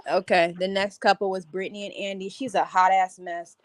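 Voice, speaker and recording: Blunt, animated woman co-host. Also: medium pitch, brisk, no echo. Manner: blunt, animated, swears and laughs. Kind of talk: casual chat.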